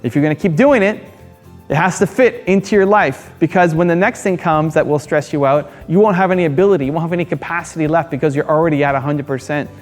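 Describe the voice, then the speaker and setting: A man's voice: a little high, quick pace, faint music behind. A man hosting his own channel, giving an earnest motivational monologue that repeats key phrases and asks rhetorical questions. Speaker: channel host.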